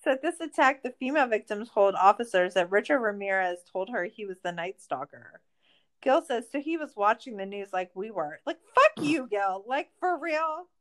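A woman's voice: fairly high pitch, fairly bright tone. A woman podcast host in a casual recap chat, ranting in exasperation and swearing a lot.

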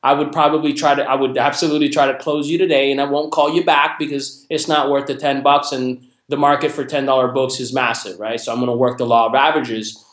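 A man's voice: mid-range voice, fast, hardly any pauses. Man telling sales stories in a roomy echo. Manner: animated, acts out quoted customers in raised voice. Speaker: guest sharing sales experience. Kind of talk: conversational storytelling.

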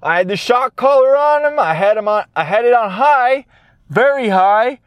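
A man hosting a podcast, telling a rambling story in casual chat from his car, animated and swearing, trailing off and restarting. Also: very high-pitched, moderate pace, smooth, dry recording, highs cut off. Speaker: podcast host. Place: in his car, parked then driving. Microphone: handheld audio recorder.

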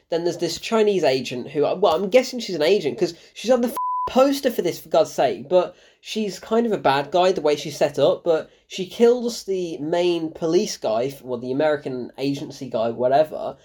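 A woman tears into a film she hated, swearing and laughing in disbelief. Her voice sits a little low. She is casual and fed up. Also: warm tone. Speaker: film reviewer. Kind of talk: ranting film review.

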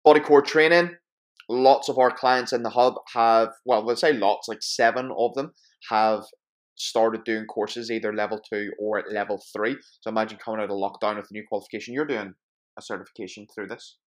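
A man's voice: on the low side, fairly even intonation, fairly quick. A man hosting his podcast in casual chat, reading sponsor plugs with jokes and self-corrections. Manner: chatty, joking, self-correcting. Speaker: podcast host.

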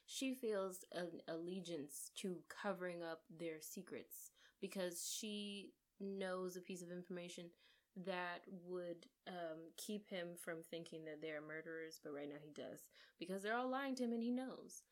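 A woman co-hosting a casual podcast chat, gushing enthusiastically and quick to laugh. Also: on the low side. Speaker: podcast co-host. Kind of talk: casual chat reviewing a film.

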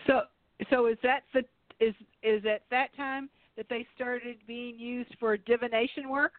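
A woman's voice: a little high, steady tone, a little slow, no room sound. A woman hosting a radio interview, asking brief questions that prompt her guest. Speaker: radio host. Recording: tinny phone-like line.

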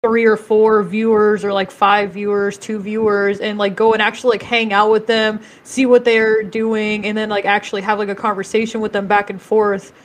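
A woman chatting casually with friends, full of fillers and quick giggles. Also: medium pitch, level tone. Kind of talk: casual chat.

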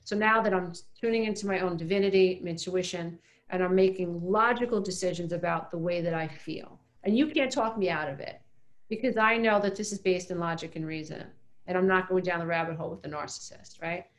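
A woman's voice: lowish voice, brisk. A middle-aged woman speaking as an interview guest, earnest and emphatic, often repeating phrases as she explains. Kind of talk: casual interview talk.

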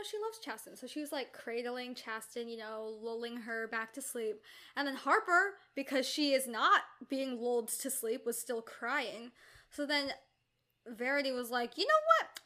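A young woman with a notably high voice talking over a novel with a friend. She is emphatic and opinionated, punctuating her points with "like" and "you know". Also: a little slow. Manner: animated, emphatic commentary with filler "like". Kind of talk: casual chat discussing a novel.

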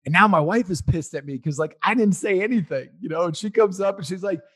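A man in his forties telling a personal story in a casual, rambling way, getting loud and animated as he relives it. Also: sits high, quick pace, slightly rough.

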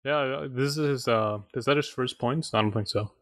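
A man's voice: mid-range voice, normal speed, dry recording, clean studio sound. A man co-hosting a casual racing podcast, laid-back, laughing easily and chiming in with short replies. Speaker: podcast co-host. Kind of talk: casual chat.

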